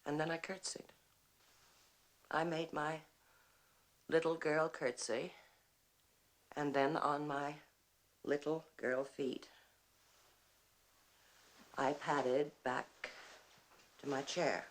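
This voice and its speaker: In a stage play, an actress plays a bitter, wry middle-aged woman who mocks herself with dry theatrical wit in a sardonic mood. Her voice is deep and her delivery flat. She speaks very slowly and pauses often.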